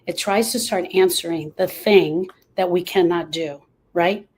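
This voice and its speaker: Speaking a little slowly, with a lowish pitch and a darkish tone, a woman coaches to camera in a low-quality recording. She's a grief coach and podcast host who takes listeners through coping tools and repeats key phrases to stress them.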